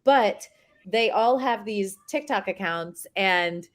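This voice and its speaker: A woman's voice: medium pitch, animated, takes it slowly, a little hiss or hum. A middle-aged woman hosting a casual chat, talking about her kids. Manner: chatty, laughs often. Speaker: podcast host.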